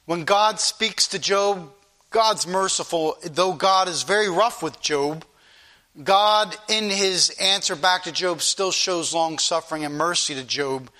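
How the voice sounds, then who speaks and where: A male preacher delivers a sermon in a fervent, emphatic way, circling back on key phrases to drive them home. His voice sits high and rings with a bright, forceful edge. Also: measured pace.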